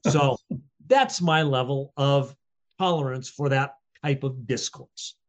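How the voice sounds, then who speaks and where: A man's voice: mid-range voice, takes it slowly. A man on a sports talk panel, emphatic and sardonically dismissive. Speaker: podcast panelist. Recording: dull lo-fi sound.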